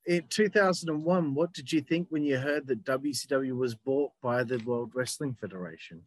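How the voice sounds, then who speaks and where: A man's voice: mid-range voice, normal speed, dry recording. A man hosting a casual interview, laid-back and friendly, asking questions. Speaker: podcast host, interviewer.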